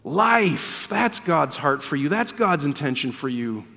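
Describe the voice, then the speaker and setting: A man's voice: on the high side, very animated, measured pace, gravelly, pushed and bright. A man preaching a sermon in a church as pastor, earnest and emphatic, repeating key words for weight. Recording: long reverb of a church hall.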